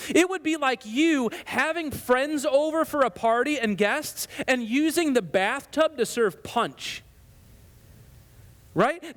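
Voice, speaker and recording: A man with a high voice preaches a sermon, talking to the people like a conversation and now and then stopping to correct himself. His voice rings out with a long church reverb. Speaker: pastor. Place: church sanctuary.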